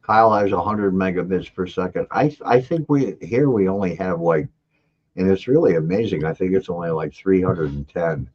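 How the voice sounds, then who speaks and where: An older man hosting a casual livestream, teasing and reading out viewer comments with lively energy. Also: sits low, normal speed, slightly rough. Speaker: livestream host. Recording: dull lo-fi audio.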